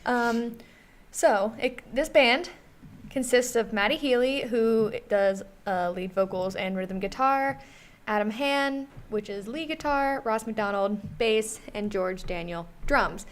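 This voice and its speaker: A woman's voice: on the high side, slow. A young woman co-hosting a casual podcast, talking in a rambling, self-deprecating, giggly way. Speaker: podcast co-host. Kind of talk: casual chat.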